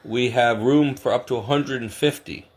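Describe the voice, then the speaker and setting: A man's voice: medium pitch, normal speed. A middle-aged man chatting casually to camera, rambling and self-deprecating, often laughing at himself. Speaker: vlogger.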